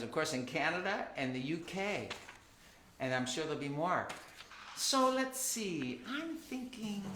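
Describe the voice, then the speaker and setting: A man hosting a live family concert from home, playfully coaxing children to repeat greetings after him. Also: high-pitched. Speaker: children's singer and concert host. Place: at home in California. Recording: roomy sound with faint guitar.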